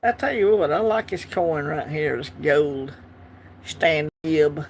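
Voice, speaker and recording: A man's voice: a little high, expressive, takes it slowly, a little hiss or hum. A man with a Southern US accent hosting a casual livestream, chatting easily and answering viewer comments as they come in. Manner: chatty, easygoing, talks back to the chat. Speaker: livestream host.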